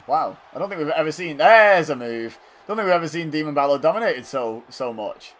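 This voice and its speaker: A man with a slightly high, expressive voice gives casual, fairly quick play-by-play over a wrestling video game. He bursts into loud exclamations, then drops into dry asides.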